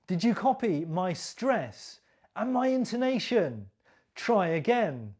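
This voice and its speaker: A woman teaching English pronunciation, modelling sounds and sentences slowly and clearly for learners to repeat, with encouraging praise. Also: mid-range voice, very animated, darkish tone. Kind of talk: slow, clearly articulated pronunciation lesson.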